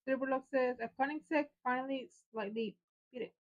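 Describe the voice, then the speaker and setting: A woman's voice: high voice, fairly even intonation, brisk. A woman co-hosting a casual live stream. She reads viewer chat messages aloud in a playful way. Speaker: co-host reading viewer comments. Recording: dull lo-fi sound.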